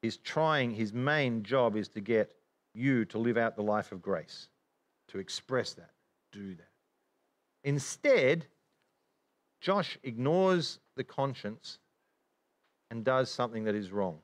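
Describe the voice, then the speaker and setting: Animated man teaching Bible lessons. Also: medium pitch, slow, long pauses. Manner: animated, acts out regretful inner voices, many restarts. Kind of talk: casual teaching chat.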